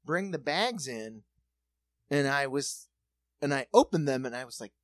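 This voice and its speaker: Animated man telling a story. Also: mid-range voice, measured pace, no echo. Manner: animated, swearing, acts out quoted voices. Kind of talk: casual storytelling chat.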